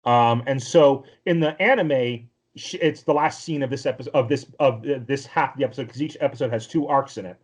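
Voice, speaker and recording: A man's voice: medium pitch, brisk, hardly any pauses. A man co-hosting a podcast, recapping a cartoon episode in casual chat that rambles with lots of filler words. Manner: rambling, with many fillers and restarts. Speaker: podcast co-host.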